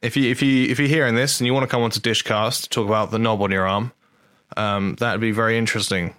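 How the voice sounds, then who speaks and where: A podcast host with a lowish voice reads a news story aloud and riffs on it. He is wry and loose, swears freely and trips over the lines. The recording is close and dry, with no room sound. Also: pushed and bright, no echo. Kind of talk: casual comic chat reading a news story aloud.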